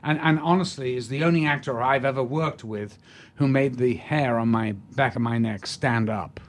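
An older man from England, a guest in an interview, telling stories in an animated way. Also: mid-range voice, normal speed. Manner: animated storyteller, acts out quotes. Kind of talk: anecdotal interview chat.

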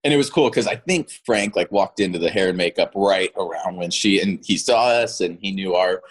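A man's voice: low voice, a little fast, husky. A man in his thirties, an actor guest in a casual interview, rambling and repeating words as he talks, often laughing.

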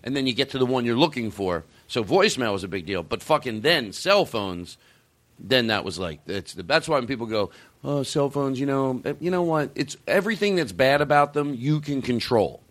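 A man's voice: medium pitch, lively intonation, brisk, a bit bright. A middle-aged man hosting a comedy podcast, rambling through stories in casual chat and laughing often. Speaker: podcast host.

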